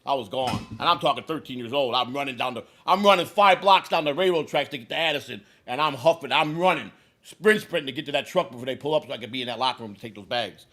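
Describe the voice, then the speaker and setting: Fast-talking profane man in his sixties. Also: medium pitch. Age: 60s. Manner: profane, animated storyteller who acts out quotes. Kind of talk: casual storytelling.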